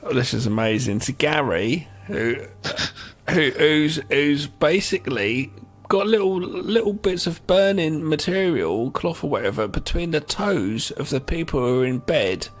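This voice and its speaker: Podcast guy, fairly high voice, super animated, laughs a lot. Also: measured pace, soft background music. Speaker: podcast co-host. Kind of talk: casual film-discussion chat.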